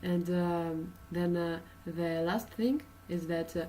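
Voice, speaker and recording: A woman's voice: on the low side, fairly even intonation, takes it slowly, mellow, far from the mic, a little hiss or hum, rough recording. A woman from Russia with a Russian accent, teaching an English pronunciation lesson with many uh and um fillers and patient explanations.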